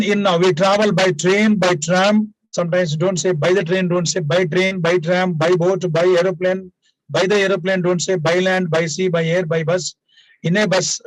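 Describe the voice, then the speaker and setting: This English grammar teacher has a voice that sits high, caught on a dry, rough recording. Explaining usage to students through example sentences, he restates key points and keeps ending lines with "now" and "please."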